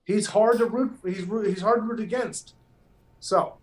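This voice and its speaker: A man's voice: high-pitched, fairly even intonation, normal speed. A man, a professional golfer, telling stories in casual podcast chat, emphatic and heavily profane. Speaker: pro golfer guest. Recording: echoey room.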